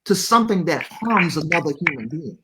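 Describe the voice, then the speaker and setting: A woman's voice: low-pitched, expressive, fairly quick, background noise. A woman guest speaking earnestly, with a preacher-like emphasis. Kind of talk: conversational discussion.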